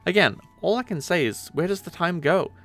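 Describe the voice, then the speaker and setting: A man's voice: high-pitched, expressive, brisk, fairly bright tone, faint music behind. A man voicing a clueless young male adventurer who rambles in a folksy, self-absorbed way, in a webcomic read aloud with voices. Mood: apologetic.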